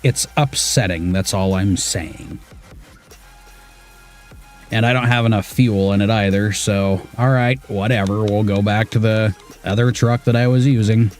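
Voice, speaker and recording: A man's voice: on the low side, fairly even intonation, a little slow, a little mellow. Man, 30s, from Washington State, casual gameplay commentary, laid-back, swears, faint music underneath. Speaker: gaming streamer.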